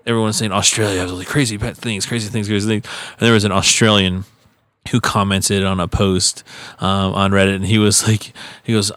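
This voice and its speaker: A man's voice: on the low side, brisk, no echo. A man co-hosting a podcast, telling stories in casual chat, giggly and swearing. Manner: animated storyteller, giggly, swears. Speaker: podcast co-host.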